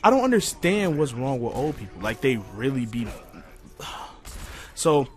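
A young man venting to his viewers in a profane, exasperated rant, going quiet when he calms down. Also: measured pace. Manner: profane, exasperated, jumping pitch when heated. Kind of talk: casual rant to camera.

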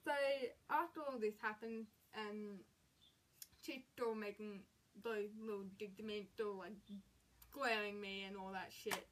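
A woman's voice: medium pitch, fairly bright tone, a little hiss or hum. A woman in her late teens telling a frustrated storytime rant about school, with an emphatic, exasperated way of retelling what happened. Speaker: vlogger.

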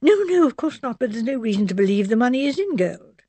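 A woman voicing a chatty elderly spinster sleuth who rambles and digresses in a fussy, gentle manner. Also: on the high side, sing-song, quick pace, no echo. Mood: gently knowing.

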